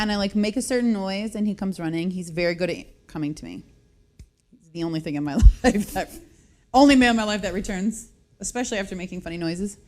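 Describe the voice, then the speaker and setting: A chatty woman in her thirties hosts a radio show. She tells a long story in a self-mocking way and breaks into laughter often. Her pitch sits in the middle for a woman. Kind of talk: casual radio chat, storytelling.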